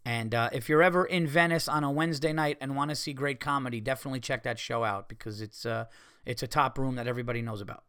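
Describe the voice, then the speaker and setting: A man's voice: mid-range voice, quick pace, a bit bright, clean tone, no echo, studio quality. A man hosting a podcast, telling a story casually and animatedly, swearing, acting out what people said and making sound effects. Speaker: podcast host and comedian.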